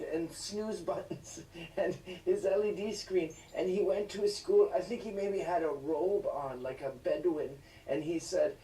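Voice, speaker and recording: Sarcastic male comic, high voice, profane and mocking, recorded from a distance with faint hiss. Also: warm tone, roomy sound. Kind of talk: satirical stand-up rant.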